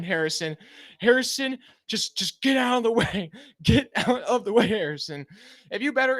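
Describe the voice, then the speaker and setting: A man live-streaming a car race, giving excited, anxious fan play-by-play and pleading with the drivers, sounding out of breath. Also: sits high, dry recording, clean studio sound.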